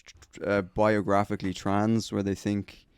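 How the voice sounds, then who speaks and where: A man's voice: on the low side, little pitch movement, normal speed, clear, resonant tone, dry recording, clean studio sound. A man with a Dublin accent, co-hosting a podcast in casual, rambling, profane chat, recorded in a shed. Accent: Dublin Irish. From Dublin, Ireland. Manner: rambling, profane, full of restarts. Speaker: podcast co-host. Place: garden shed studio.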